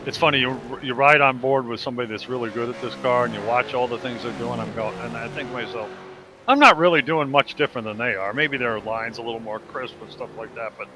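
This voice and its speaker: A man's voice: mid-range voice, fairly even intonation, fast talker, few pauses, background noise. A man co-commentating a sim racing broadcast, talking candidly and rambling about his own driving. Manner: candid, rambling, self-deprecating.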